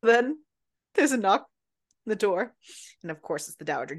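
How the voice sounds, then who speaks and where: A woman co-hosting a book club podcast, recapping the story in animated casual chat and acting out the characters' lines. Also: medium pitch, normal speed. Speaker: podcast co-host.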